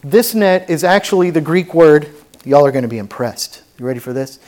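A man's voice: a little high, lively intonation, brisk, a little mellow. A man preaching a sermon as pastor to a church congregation, fervent and conversational with asides. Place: church sanctuary.

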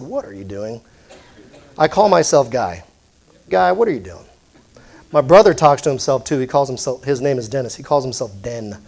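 A man in his forties gives a sermon in an easy, conversational voice that sits a little higher than most men's. He puts questions to the congregation and drops self-deprecating asides along the way. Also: a little mellow. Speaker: preacher.

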